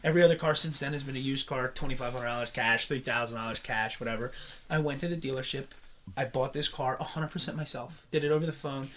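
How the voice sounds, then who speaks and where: A man's voice: mid-range voice, quick pace, fairly bright tone, a little hiss or hum. A man in his late twenties, a podcast guest in casual chat, talking candidly and emotionally and stumbling over repeated words. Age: late 20s.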